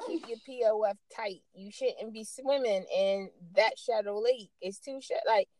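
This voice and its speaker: A woman co-hosting a podcast in casual chat, telling stories in a lively, animated way. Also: medium pitch, unhurried, no room sound. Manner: lively storytelling, animated and loud. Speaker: podcast co-host.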